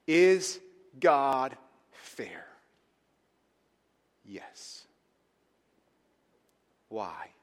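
A man preaching a sermon as pastor, talking conversationally and with emphasis, swinging between loud points and hushed asides. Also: mid-range voice, big pitch swings, drawn-out words, long pauses. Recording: long hall reverb.

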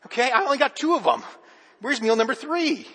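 A man's voice: very high voice, lively intonation, a little fast, sharp tone, breathy edge, in a large hall, pitched above the performer's own voice, exaggerated voice. A man preacher voicing his younger self as a hungry, complaining twelve-year-old boy who pleads indignantly.

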